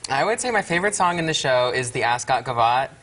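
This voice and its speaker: Young male student actor, TV guest, fast-talking, easygoing. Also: medium pitch, animated, sharp tone. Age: young adult. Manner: easygoing, chuckling. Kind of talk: TV interview. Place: TV studio.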